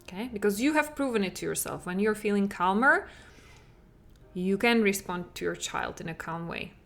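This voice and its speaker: A woman's voice: mid-range voice, expressive, moderate pace, gravelly, fairly bright tone, soft background music. A young adult woman hosting a parenting podcast, speaking in an earnest, conversational way with many "like" fillers. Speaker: podcast host and parenting coach. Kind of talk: solo podcast talk.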